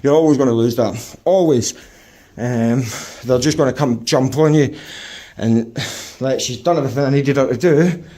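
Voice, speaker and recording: A man's voice: medium pitch, moderate pace, mellow, no room sound. A British man filming the police and talking to his viewers, mocking and indignant. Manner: mocking, indignant, talks to camera. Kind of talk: casual vlog commentary to viewers. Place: outdoors on a street.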